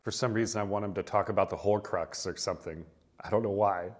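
A man's voice: lowish voice, fairly even intonation, fast talker. A man hosting a casual reaction video, talking loosely about what he watches, swearing freely and laughing often. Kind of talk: casual unedited TV reaction commentary.

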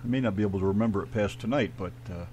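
Rambling, profane American radio host. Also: male voice, fairly low pitch, rapid-fire, a little mellow, slight background noise. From United States. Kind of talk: casual talk radio banter. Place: in a truck.

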